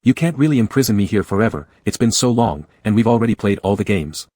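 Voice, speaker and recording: A calm, soft-spoken young man in a romance comic, read by a man. He is composed and in control. The voice is low, husky and dry. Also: fast, no echo.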